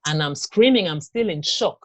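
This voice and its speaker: A woman telling her own story in an interview, speaking haltingly with many fillers and restarts. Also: sits low, expressive, no echo. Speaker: interview guest. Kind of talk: personal testimony in an interview.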